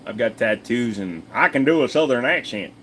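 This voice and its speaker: A man's voice: mid-range voice, lively intonation, moderate pace, fairly bright tone, a little hiss or hum. A man hosting a casual livestream, answering chat in a blunt, profane, rambling way with plenty of fillers. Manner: chatty, talks straight to viewers.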